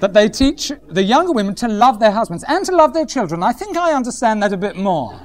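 Lively male preacher. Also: high-pitched, fast talker, hardly any pauses. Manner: lively, humorous, mimics voices. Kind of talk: sermon.

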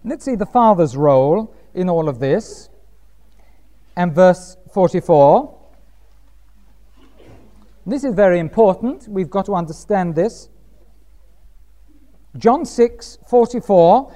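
A man preaching a sermon, reading scripture slowly and pressing his points with emphatic rhetorical questions. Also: high voice, animated, dark tone.

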